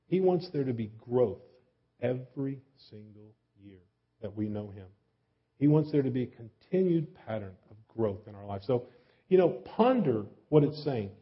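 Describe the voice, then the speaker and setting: Folksy, husky-voiced male preacher. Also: mid-range voice. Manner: folksy and self-deprecating, asks many questions. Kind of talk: sermon. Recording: slightly dull, lo-fi recording.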